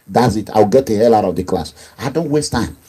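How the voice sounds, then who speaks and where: A husky, dark-toned middle-aged man with a Nigerian accent speaks fairly quickly with lively intonation. As an activist leader, his impassioned monologue is emphatic and repetitive, moving from low asides to raised outbursts.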